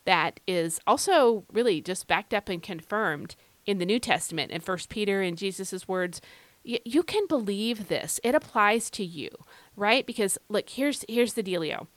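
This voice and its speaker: A woman's voice: mid-range voice, lively intonation, normal speed, no room sound. Earnest Irish woman, dry close sound. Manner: earnest, encouraging, conversational. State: recovering from feeling unwell. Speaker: podcast host. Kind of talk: devotional Bible podcast talk.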